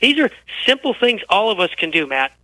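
A man who is feeling unwell, a guest telling lively anecdotes on a radio interview. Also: high-pitched, a little fast, no echo, poor audio. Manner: animated, tells anecdotes with quoted dialogue. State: unwell, feels physically poor. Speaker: guest author.

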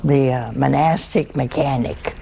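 An older nun spins a homespun, humorous story, taking her time and chuckling at her own tale. Her voice is gravelly and she speaks slowly, drawing each phrase out. A faint room ambience sits underneath. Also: very deep voice, warm tone, a little hiss or hum, poor audio. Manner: folksy, chuckling, drawn-out telling with pauses. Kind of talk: humorous personal storytelling talk.

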